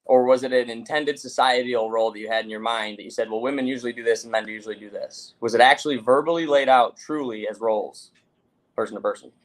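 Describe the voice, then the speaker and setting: Podcast host, man, coach type: rapid delivery, direct questions, casual swearing. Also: medium pitch, steady tone. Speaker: mental health coach, host.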